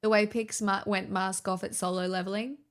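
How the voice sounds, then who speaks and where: A woman's voice: mid-range voice, steady tone, a little fast, clear, resonant tone. An Australian woman chatting casually on a livestream, rambling and swearing freely as she reacts to chat.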